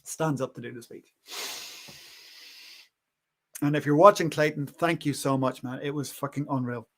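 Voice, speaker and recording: A man hosting a livestream, telling a personal story in an animated, rambling way with frequent restarts. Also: mid-range voice, normal speed. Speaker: livestream host.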